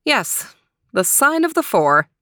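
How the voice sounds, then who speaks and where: A woman's voice: medium pitch, very animated, fast talker, fairly bright tone, clean tone, dry recording, studio quality, pitched above the performer's own voice. A woman voicing a sighing, resigned female household staffer in a storybook.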